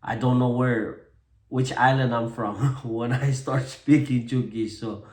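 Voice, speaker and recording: A man with a Chuukese accent talking casually to camera, relaxed and self-deprecating, often pausing on fillers as he switches between English and Chuukese. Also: mid-range voice, echoey room. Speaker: vlogger introducing himself as a translator.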